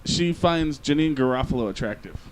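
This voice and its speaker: A man's voice: mid-range voice, animated, fairly quick. A man co-hosting a casual podcast, laughing often and swearing freely. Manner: laughs often, crude jokes. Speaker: podcast co-host. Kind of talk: casual chat.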